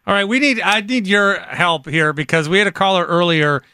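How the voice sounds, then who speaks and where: A man's voice: high-pitched, brisk, pushed and bright, smooth, dry recording, studio quality. A man hosting a sports talk radio show, upbeat and steering the conversation. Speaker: radio host.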